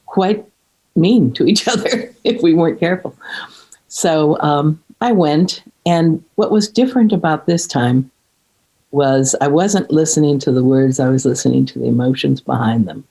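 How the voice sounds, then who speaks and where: Earnest, halting woman with a dark voice. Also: low voice, slightly rough, low-quality recording. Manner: earnest, halting, many restarts and fillers. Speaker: podcast guest. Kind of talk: reflective conversation.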